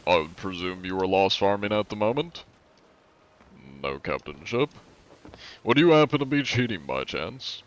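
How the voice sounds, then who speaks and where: A man's voice: fairly low pitch, lively intonation, normal speed, long pauses, lo-fi sound, natural voice. A man voicing an overly formal male anti-cheat inspector who speaks with stiff, mock-official politeness. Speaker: gaming streamer.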